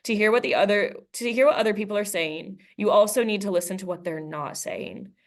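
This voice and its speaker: A woman's voice: mid-range voice, brisk. A woman teacher giving a recorded class lesson, chatting with students and reading a book aloud, acting out the quoted dialogue. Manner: conversational, acts out quoted dialogue while reading.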